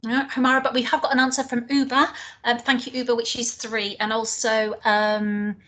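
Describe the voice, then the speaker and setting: A woman's voice: on the high side, little pitch movement, normal speed, fairly bright tone. A woman in an online teaching session, sharing practical classroom tips in a chatty way.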